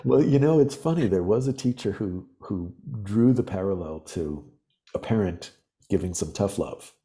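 Deep-voiced man explaining calmly. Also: moderate pace. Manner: earnest, animated storytelling. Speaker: podcast guest. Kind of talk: reflective interview talk.

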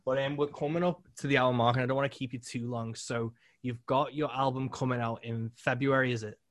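A man's voice: mid-range voice, fairly quick, no room sound. Man hosting a podcast, dry sound. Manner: relaxed, lots of "like" and short agreements. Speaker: podcast host, musician. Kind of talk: casual interview chat.

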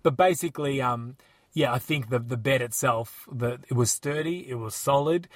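A man telling a travel story in a casual chat, animated and acting out the people he quotes. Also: mid-range voice, moderate pace, no echo, clean studio sound.

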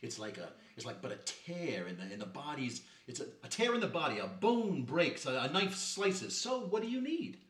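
An actor playing a pompous, smooth-talking huckster selling pills, with grand theatrical speech. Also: male voice, big pitch swings, moderate pace, hardly any pauses, a bit bright, far from the mic. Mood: grandiose. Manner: grandiose, theatrical sales pitch. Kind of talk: stage play acting. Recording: roomy stage heard from afar.

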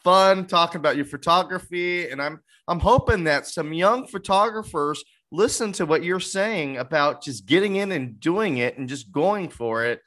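Chill guy hosting a podcast, kinda high bright voice, easygoing. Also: moderate pace, few pauses. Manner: laid-back, says "right on" often. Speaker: podcast host. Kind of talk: casual interview chat.

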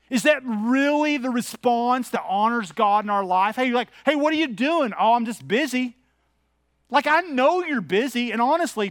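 A middle-aged pastor preaches in a candid, conversational manner, mixing stories from his own day into the sermon. His voice sits high for a man. The recording is dry and close, with almost no room sound. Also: fairly bright tone, no echo.

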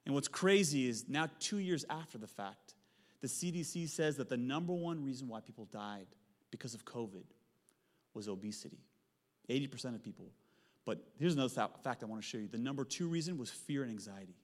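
A man, preaching a sermon in a church, telling stories with animated swings from loud to hushed. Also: medium pitch, brisk. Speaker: pastor. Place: church sanctuary. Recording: long hall reverb.

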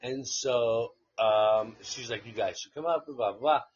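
A man's voice: medium pitch, measured pace, husky, dull audio. A man casually telling a rambling story on a live stream, swearing freely and laughing along the way. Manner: profane, rambling anecdote with laughs.

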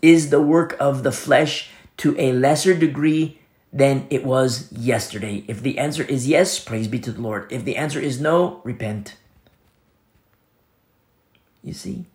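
A man preaching a sermon as pastor, earnest and repetitive, often dropping to a soft hush. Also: medium pitch, a little slow, reverberant.

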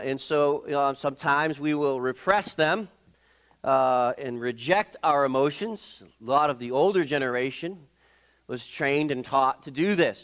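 A middle-aged male pastor preaching in a conversational, halting way, with many fillers and restarts. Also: on the high side, fairly bright tone, smooth. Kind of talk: sermon.

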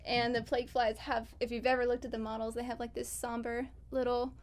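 Woman, guest, casual interview, rambling and chatty, fairly high pitch. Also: level tone, brisk. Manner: chatty, rambling, laughs often. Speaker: guest on a gaming podcast.

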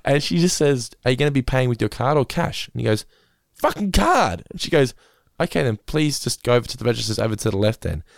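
An Australian man hosting a casual chat, an animated storyteller who acts out quotes and laughs often. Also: mid-range voice, fast talker, gravelly, no echo, studio quality. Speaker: podcast host.

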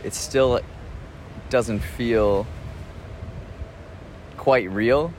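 A man talking in a casual spoken travel diary, relaxed and reflective, rambling with restarts and soft chuckles. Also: medium pitch, drawn-out words, a little hiss or hum. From United States. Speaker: podcast host.

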